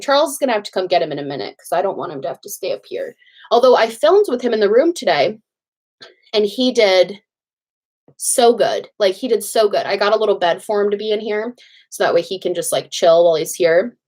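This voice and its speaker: A woman's voice: mid-range voice, expressive, brisk, darkish tone. A young woman hosting a casual livestream from home, bubbly and gushing as she greets viewers and chats with lots of fillers. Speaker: livestream host.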